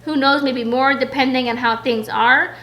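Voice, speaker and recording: Pregnant woman vlogging from home, high bright voice, rambly with lots of "like". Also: fairly even intonation, moderate pace. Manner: chatty and rambling, many "like"s. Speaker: vlogger answering viewer questions. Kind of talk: casual Q&A chat.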